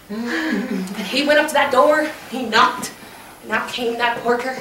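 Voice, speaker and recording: A woman storyteller telling a tale in character, playful and animated, teasing her audience, recorded from afar in an echoey room. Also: a little high, unhurried. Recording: echoey room, distant mic, faint noise.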